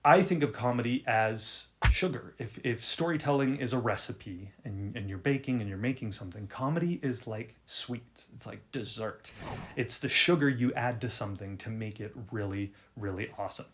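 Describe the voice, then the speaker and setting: Young man, animated storyteller, self-deprecating, stumbling restarts, casual video talk. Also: medium pitch, moderate pace, slight background noise. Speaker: writing video host.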